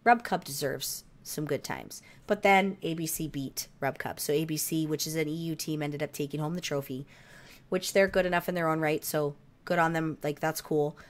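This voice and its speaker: A woman co-hosting a podcast, telling a story in casual chat, animated, swearing freely, with laughs and frequent throat clearing. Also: low-pitched, normal speed. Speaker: podcast co-host.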